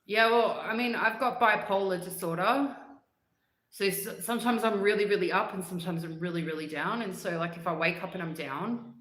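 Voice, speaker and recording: A woman's voice: medium pitch, brisk, fairly bright tone, reverberant. A woman hosting a casual livestream, chatting upbeat with viewers, laughing often and humming bits of songs. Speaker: livestream host. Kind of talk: casual livestream chat reading comments.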